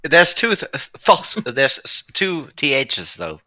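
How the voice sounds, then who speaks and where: Bright-voiced joking player, man. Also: on the high side, wildly swooping pitch, slow pace. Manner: joking, swears, stumbles over words. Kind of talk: casual tabletop game chat.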